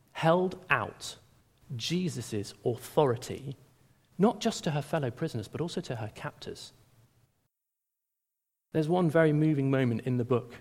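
A man preaching a sermon to a gathering, speaking with animated emphasis and raising his voice on quoted lines. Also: a little high. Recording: reverberant hall.

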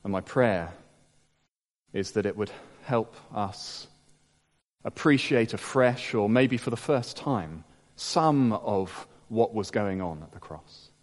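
A man preaching a sermon in an unhurried, dramatic way. He sinks to hushed low phrases, then builds to emphatic peaks. His voice rings with the long reverb of a large hall. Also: lively intonation.

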